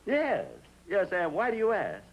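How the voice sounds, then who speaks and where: A man's voice: sits high, wildly swooping pitch, moderate pace, rough recording. A man acting in an old TV sitcom, a comedian who grows fussy and indignant about being copied. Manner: indignant, fussy comic complaining. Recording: old TV audio with audience and hiss.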